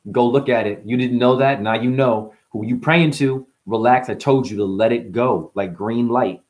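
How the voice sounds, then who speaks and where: A man's voice: medium pitch, moderate pace, a little mellow. Man freestyling rambling wordplay rhymes. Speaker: freestyle rapper. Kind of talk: freestyle rap.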